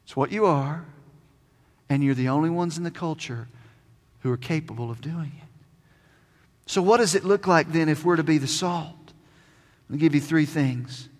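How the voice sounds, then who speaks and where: A man preaching a sermon as pastor, stressing key words by slowing down and pausing. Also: on the high side, fairly bright tone, long reverb tail. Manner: emphatic, slows down on key words.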